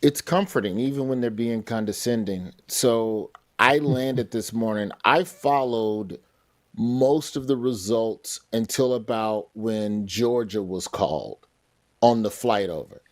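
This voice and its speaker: A man, a comedian and TV host, telling stories in a casual chat and jumping into quick character voices. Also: on the low side, dry recording. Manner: animated storytelling, slips into character voices. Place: remote, in London.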